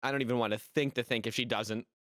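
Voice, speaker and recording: A man's voice: mid-range voice, steady tone, fast, a bit bright, no room sound, clean studio sound. A young man giving casual reaction commentary, incredulous and rambling, full of "like" and repeated questions. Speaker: commentary YouTuber.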